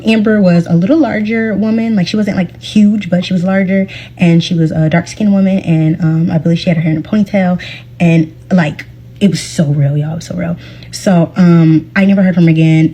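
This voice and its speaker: Husky-voiced woman telling a story. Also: lowish voice, steady tone, brisk, mellow. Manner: chatty, full of fillers and quoted speech. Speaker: accident survivor telling her story. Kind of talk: casual first-person storytelling.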